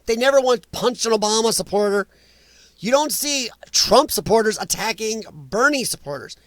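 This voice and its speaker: High-voiced man ranting on a stream. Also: lively intonation, moderate pace, a bit bright, dry recording. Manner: opinionated, ranting, blunt. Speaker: live stream host. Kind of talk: casual live-stream chat reading comments.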